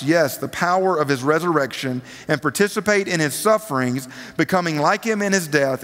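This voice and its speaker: High-voiced preacher in a reverberant hall. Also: male voice, fairly bright tone. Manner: casual, rhetorical questions to the audience. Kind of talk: conversational sermon. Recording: long reverb of a large hall.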